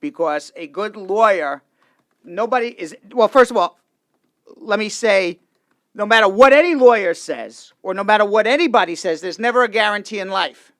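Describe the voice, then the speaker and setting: A man, an immigration lawyer hosting a casual legal talk show, speaks in an animated way and often restarts and repeats his sentences in a studio. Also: high-pitched, moderate pace, no echo.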